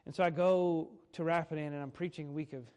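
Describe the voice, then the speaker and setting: A man in his thirties delivers a sermon in a relaxed, conversational manner. His voice sits a little high for a man. He leans on dramatic pauses, stretches key words, and often stops to correct himself mid-sentence. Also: smooth. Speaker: pastor.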